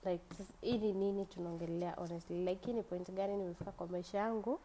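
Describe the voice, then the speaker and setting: A woman's voice: on the low side, fairly even intonation, quick pace, dark tone, a little hiss or hum, low-quality recording. A young woman with a Kenyan accent, hosting a podcast and telling a story in a chatty way. She mixes English with Swahili slang and laughs often. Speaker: podcast host. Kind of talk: casual storytelling.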